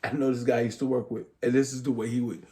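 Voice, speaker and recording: A middle-aged man talking casually and at length to his son in a rambling, unhurried monologue. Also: medium pitch, little pitch movement, warm tone.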